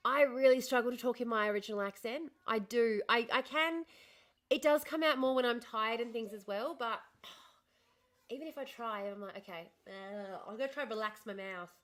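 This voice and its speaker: On her livestream, a middle-aged host from northern Australia with a posh accent reads comments aloud and answers them, laughing frequently as she chats. Her fairly bright voice sits on the high side and keeps a moderate pace.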